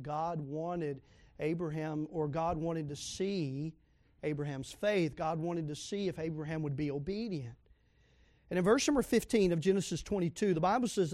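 A man with a high voice preaches a sermon, reading scripture aloud and putting questions to the congregation. He pushes into sudden loud emphasis, and the sound is dry and close. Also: no echo. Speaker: pastor.

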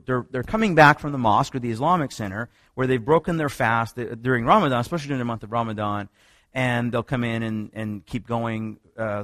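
A man preaching in a sermon-style teaching talk, with a middle-pitched voice. He tells stories with rising energy and often restarts his sentences. The sound is dry and close, with no room echo. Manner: animated storytelling, many restarts, rising pitch when excited. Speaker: preacher teaching on another religion.

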